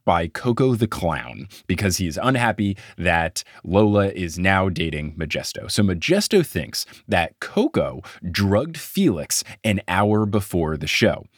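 A man hosting a comedy podcast, telling a mystery story in a casual, animated way and laughing often. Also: low voice, breathy edge, no room sound, studio quality. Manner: animated, laughs often, puts on silly voices. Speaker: podcast host.

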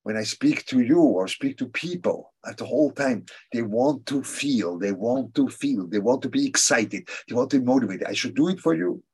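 Husky-voiced man, halting, thoughtful teacher. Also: mid-range voice, lively intonation, a little mellow. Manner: halting and thoughtful, repeats key phrases for emphasis. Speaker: religious teacher. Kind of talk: answering students' questions in a class.

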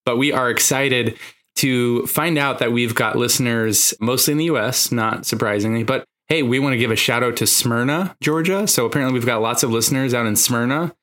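A man's voice: medium pitch, a little fast, a bit bright. A man co-hosting a podcast in casual, jokey banter, laughing often. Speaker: podcast co-host, therapist.

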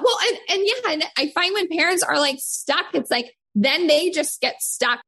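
A woman's voice: high-pitched, animated, normal speed, sharp tone. A woman in her thirties, a parenting coach, chatting casually and filling her speech with "like". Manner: chatty, many fillers like "like". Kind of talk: casual chat.

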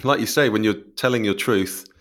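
A man hosting a podcast, asking questions in a relaxed way with hesitant restarts. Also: on the low side, a little fast. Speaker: podcast host. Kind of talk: casual interview.

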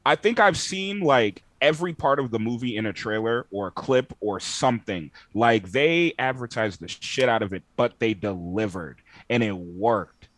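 A man's voice: mid-range voice, moderate pace, few pauses, no room sound. A man co-hosting a gaming podcast, joking around and swearing in a casual chat. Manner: lively, joking, swears freely. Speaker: podcast co-host.

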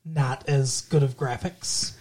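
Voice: medium pitch, fairly even intonation, slow pace, a crowd in the background. Rambling middle-aged podcast co-host. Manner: rambling, filler-heavy, jokey impressions. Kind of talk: casual chat.

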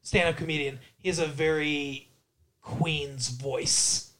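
Male co-host, high-ish voice, rambling and playful, goofs around with voices, casual review banter. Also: fairly even intonation, slow pace, a bit bright, a little hiss or hum. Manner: playful, rambling, breaks into bits of funny voices. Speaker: podcast co-host.

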